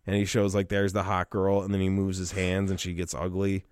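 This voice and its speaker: A man's voice: low voice, completely flat delivery, brisk, clear, resonant tone. Profane, laughing man telling a story. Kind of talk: casual crude storytelling chat.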